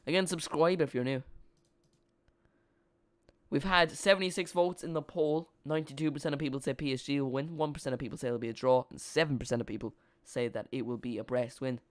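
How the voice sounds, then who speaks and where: Streamer, male, casual match chat that loops back on itself; smooth, clean voice, dry close mic. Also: mid-range voice, steady tone, brisk, dry recording. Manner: casual, rambling, repeats and corrects himself. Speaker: watch-along streamer. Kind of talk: live football watch-along commentary.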